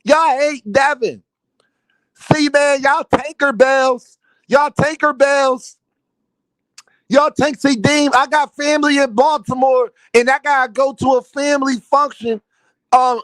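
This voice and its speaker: A whiny grown man with a thin, high, soft voice, as a man puts him on in mockery. He drags out every complaint slowly and sounds dry and close. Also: no echo, exaggerated voice. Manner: mocking, high and drawling.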